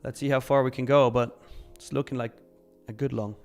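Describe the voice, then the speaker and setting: A man's voice: mid-range voice, fairly even intonation, a little fast, creaky, darkish tone, faint music behind. Upbeat young man hosting a live stream. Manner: chatty, upbeat, laughs often, slang like fire. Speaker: live trading stream host. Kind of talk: casual live-stream chat reading viewer comments.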